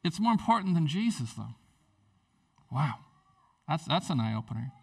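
Animated man preaching a sermon. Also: fairly high pitch, normal speed, vocal fry, husky, distant mic. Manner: animated, jokey, acts out characters in quotes. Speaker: pastor.

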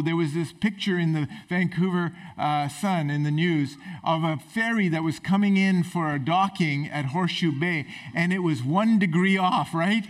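High-voiced pastor preaching. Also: male voice. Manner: emphatic, exclamatory preaching. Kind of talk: sermon. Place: church sanctuary.

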